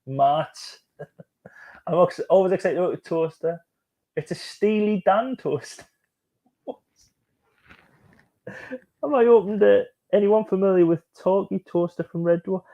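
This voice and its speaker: A man's voice: high-pitched, takes it slowly, pauses often, warm tone. A man hosting a casual live stream, joking and chatting as he reacts to music videos and reads out viewer comments.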